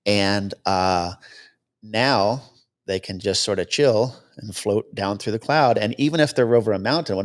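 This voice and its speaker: A man, a helicopter cameraman guest, telling stories casually and acting out the dialogue he quotes. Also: gravelly. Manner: anecdotal, acts out quoted dialogue with lively pitch jumps. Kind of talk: casual storytelling interview.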